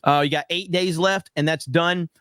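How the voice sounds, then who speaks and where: A man's voice: on the high side, fairly even intonation, normal speed, a bit bright, smooth, no room sound, studio quality. Laughing man hosting a live stream. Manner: laughs often while telling stories. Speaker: show host. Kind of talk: casual live-stream chat.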